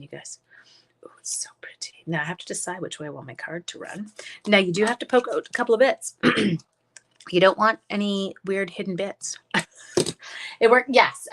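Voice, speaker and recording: A woman chatting casually through a live card-making demonstration, thinking aloud and greeting viewers as she works. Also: mid-range voice. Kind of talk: casual live crafting demo.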